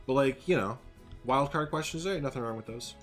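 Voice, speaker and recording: A man's voice: mid-range voice, fairly quick, soft background music. A man live-streaming a game, chatting casually with his viewers in a rambling, jokey way and laughing often.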